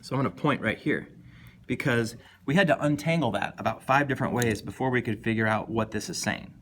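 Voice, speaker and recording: A man's voice: medium pitch, a little fast, a bit bright, slight background noise. A man giving a casual, enthusiastic lecture on a poem, thinking aloud with many filler words. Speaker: teacher.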